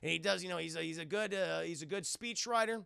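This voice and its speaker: A man's voice: high voice, fast, creaky, sharp tone, clear, resonant tone, no echo. A male streamer giving a rambling, profane recap of a cartoon episode, constantly addressing his chat.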